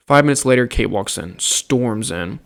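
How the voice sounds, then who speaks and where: This young adult college student, with a medium-pitched and fairly bright voice, casually narrates a dorm dispute for the camera. Exasperation runs through it, along with plenty of swearing and acted-out versions of what everyone else said.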